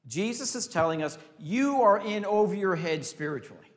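A man with a high-pitched voice preaches, pressing hard on key words and then dropping to near-whispers that stretch out slowly. He leads the congregation in call-and-response. The sound carries a long reverb from a large hall. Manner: animated, swings between loud emphasis and hushed, drawn-out phrases. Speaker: pastor. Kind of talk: sermon.

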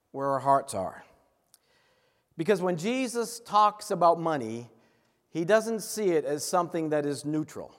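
A pastor from Massachusetts preaching a sermon to his congregation, earnest and quick, slowing down to stress key words. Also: on the high side, long reverb tail. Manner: earnest, with quick asides and slow emphatic stresses.

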